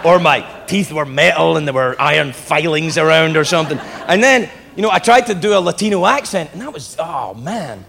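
A man doing a stand-up comedy set, telling stories in animated fashion and slipping into put-on voices. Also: on the high side, fairly quick, gravelly, hardly any pauses. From England. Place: large comedy venue with live audience. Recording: echoey hall, noisy crowd.

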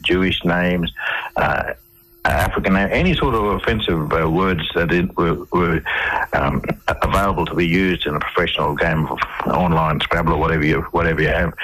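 An Australian man with a very low, husky yet fairly bright voice tells stories to a radio host, rambling, stalling on fillers, and restarting sentences. The low-quality recording has a radio broadcast sound.

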